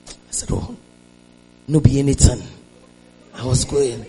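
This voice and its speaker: A Nigerian woman preaching a sermon, moving between hushed storytelling and shouted declarations and calling on the congregation to respond. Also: a bass voice, a little slow, gravelly, breathy edge, rough recording. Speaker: preacher giving a testimony.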